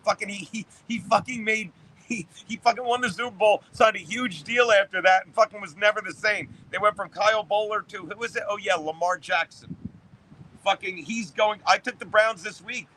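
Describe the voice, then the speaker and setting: A man's voice: high voice, moderate pace, sharp tone. A man in his fifties hosting a casual livestream, reading chat and ranting about football in a profane, rambling way. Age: 50s. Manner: profane, rambling sports rant.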